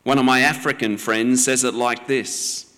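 A man preaching a sermon in a measured, gently teaching way. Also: mid-range voice, fairly even intonation, long reverb tail.

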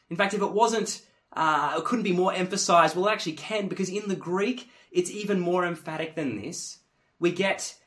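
A man delivers a sermon in a fairly high voice that rises and falls a great deal. He is earnest and emphatic, dropping low and quiet before pressing key words hard. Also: animated, moderate pace. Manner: earnest, emphatic, swings from hushed to forceful. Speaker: preacher.

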